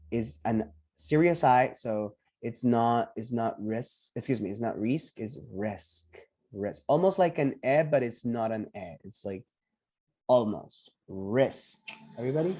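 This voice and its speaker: A man teaching English pronunciation on a video call, patiently repeating each word slowly for his students. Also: medium pitch, dark tone. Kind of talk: online pronunciation lesson.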